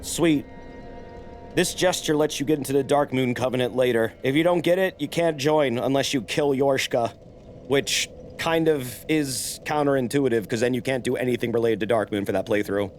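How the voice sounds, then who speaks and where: A man's voice: medium pitch, moderate pace, soft background music. A man streaming a game, chatting casually and cursing while he explains the lore. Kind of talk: casual gameplay commentary.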